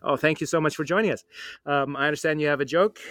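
A man's voice: fairly high pitch, fast, fairly bright tone, dry recording, clean studio sound. A man hosting a podcast interview, friendly and thoughtful as he asks his questions. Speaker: podcast host.

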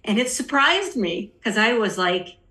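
Candid middle-aged woman, bright voice. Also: on the high side, very animated, measured pace. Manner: candid, acts out quoted people in shifting voices. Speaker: podcast guest. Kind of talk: personal storytelling in conversation. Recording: roomy echo.

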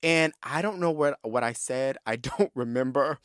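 A young adult man from San Diego hosting a podcast, telling personal stories in a casual, animated, profane and sassy way, talking straight to his listeners. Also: medium pitch, normal speed, no echo, studio quality. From San Diego, California. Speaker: podcast host. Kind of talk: casual solo storytelling.

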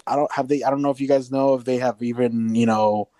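A man's voice: mid-range voice, steady tone, fast talker, warm tone, no echo. A man chatting casually on a podcast, rambling with many restarts and swearing offhand. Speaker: podcast co-host.

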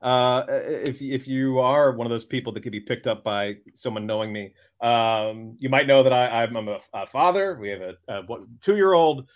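A man in his thirties tells lively, self-mocking stories as a guest on a podcast. His voice sits at a middling pitch, and his talk is casual and quick to joke. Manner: animated storyteller, self-deprecating.

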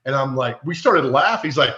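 Bright-voiced joker dude on a roomy, muffled remote line, tells stories. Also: male voice, mid-range voice, a little fast. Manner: jokey, animated storyteller. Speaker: podcast guest, media personality. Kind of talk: casual chat, telling funny stories.

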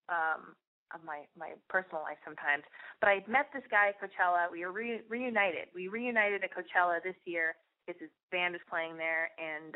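A young adult woman hosting a podcast, telling a rambling personal story in a casual, animated, profane way. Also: fairly low pitch. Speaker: podcast host. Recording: tinny phone-like sound.

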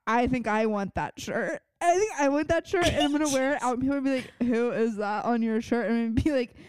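A woman's voice: fairly high pitch, fast talker, a little mellow, smooth, no echo, studio quality. A woman co-hosting a podcast in casual chat, joking and laughing often. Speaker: podcast co-host.

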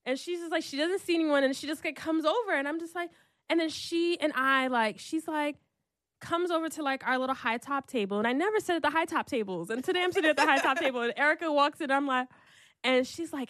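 A young adult woman with a high voice talks fast as she shares a personal story in casual chat, animatedly acting out what everyone said and saying "like" a lot. The audio is studio quality with no echo.

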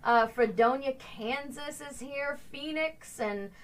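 A woman hosting a casual talk show, upbeat and quick to laugh as she reads out viewers' hometowns. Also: high-pitched. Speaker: show host. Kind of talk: casual morning show chat. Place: home studio set.

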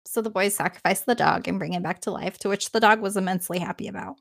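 A woman's voice: medium pitch, fast, creaky, fairly bright tone. A woman retelling an old myth in a casual, chatty way, with laughing asides. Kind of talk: casual storytelling.

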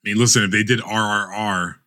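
A man chatting on a podcast roundtable in a bright, forceful voice that sits fairly low. He talks animatedly and often cuts himself off to restart a thought. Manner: animated, self-interrupting, quick restarts. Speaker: podcast host. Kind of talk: casual roundtable chat.

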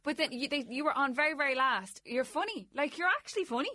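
A woman's voice: high-pitched, lively intonation, fast talker, pushed and bright. A woman in her late thirties co-hosting a podcast, chatting and telling stories with laughs. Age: late 30s. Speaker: podcast co-host. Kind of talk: casual comic chat.

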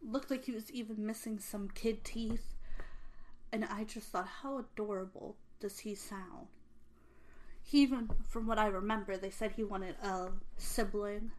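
A woman's voice: medium pitch, steady tone, unhurried, pauses often, a little mellow, slight background noise. Earnest woman chatting about true crime. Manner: earnest and emotional, many fillers. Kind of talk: casual true crime chat.

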